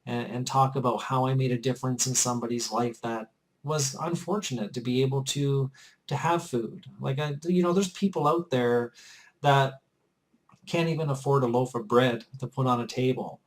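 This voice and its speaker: A man's voice: mid-range voice, normal speed, low-quality recording. Earnest man telling a story to camera. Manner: earnest and chatty, often repeats himself. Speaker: vlogger.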